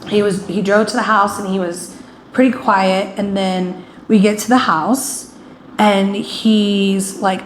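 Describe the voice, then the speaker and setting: A woman's voice: medium pitch, flat delivery, takes it slowly. A woman guest telling a painful personal story in a rambling way, with many fillers, often acting out what people said. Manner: rambling, many "like" fillers, acts out quoted speech. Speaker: interview guest. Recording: echoey room with faint ambient noise.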